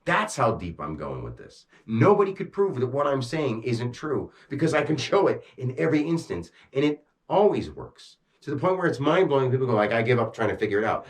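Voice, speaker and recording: A man talking intensely to a camera, amped up and agitated, swearing and swinging between rushed bursts and slow, heavy emphasis. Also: mid-range voice, big pitch swings. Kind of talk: rambling talk to camera.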